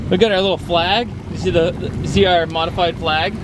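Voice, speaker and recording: A man's voice: high-pitched, steady tone, a little fast, background noise. A man hosting a casual outdoor vlog on a boat, enthusiastic and jokey. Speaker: vlogger, channel host. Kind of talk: casual upbeat vlog chat. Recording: background music under the voice.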